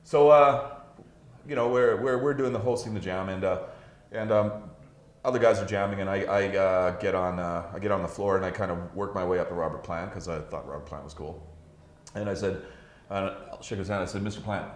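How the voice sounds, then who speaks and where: A man's voice: low voice, fairly even intonation, brisk. A man hosting a casual talk show in a pub, telling rambling stories full of restarts. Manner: rambling, many fillers and restarts. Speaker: host. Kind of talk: casual bar chat. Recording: roomy pub recording.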